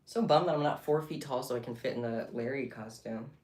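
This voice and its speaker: A woman chatting casually and excitably to her viewers while livestreaming her craft work. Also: a bass voice, a little fast, roomy sound. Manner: chatty and excitable, talking to chat. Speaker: livestreamer making bead bracelets.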